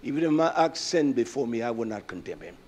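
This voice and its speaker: With a medium pitch and big swings in it, an older pastor preaches fast. He alternates shouted climaxes with hushed stories, and "uh" fillers crop up frequently.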